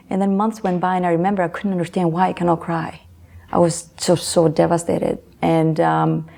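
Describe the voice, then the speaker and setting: A middle-aged woman, an author and interview guest, earnestly telling a personal story and often answering with quick yeses. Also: on the low side, creaky, dark tone. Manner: earnest, repeats words, frequent affirming yeses.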